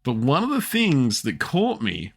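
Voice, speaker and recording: A man's voice: medium pitch, huge pitch swings, measured pace. A man hosting a casual podcast chat, rambling with many restarts and frequent laughs. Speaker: podcast host.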